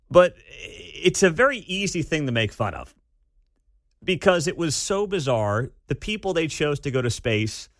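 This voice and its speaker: Talk host: man, mocking ranter, very animated pitch, dry studio sound. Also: no room sound. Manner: sarcastic, mocking, ranting. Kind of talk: opinionated talk radio commentary.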